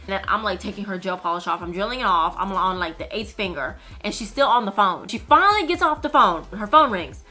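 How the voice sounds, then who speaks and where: A woman's voice: medium pitch, animated, fairly quick, hardly any pauses, bright, forceful tone. Blunt young woman telling frank stories. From United States (Minnesota). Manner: blunt, frank storytelling with frequent swearing. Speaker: nail technician and vlogger. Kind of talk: casual story time.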